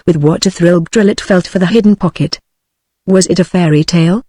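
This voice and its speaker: A text-to-speech woman's voice with a British English accent reading a novel aloud in an even machine manner, sometimes speaking the punctuation. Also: on the low side, fairly quick, no room sound. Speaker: audiobook narrator. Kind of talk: synthetic audiobook reading.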